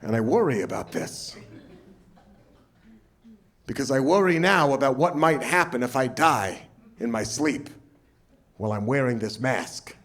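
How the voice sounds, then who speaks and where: A man's voice: mid-range voice, lively intonation, unhurried, long pauses, a bit bright. A man in his forties from Portland, Oregon, performing a stand-up comedy set, telling stories with silly put-on voices. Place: comedy club stage. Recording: live show with crowd laughter. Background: audience laughing.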